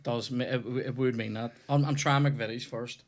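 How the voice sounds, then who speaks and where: Young male comedian host, sweary, animated storyteller, ranting at a football game mid-chat. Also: medium pitch, moderate pace, a little hiss or hum. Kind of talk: casual chat while playing a football video game.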